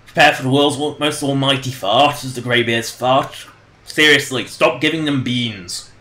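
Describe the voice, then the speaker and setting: A man's voice: mid-range voice, normal speed, bright, forceful tone, echoey room. A man casually commenting on his game during a livestream, rambling and joking and laughing at his own jokes. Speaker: game streamer.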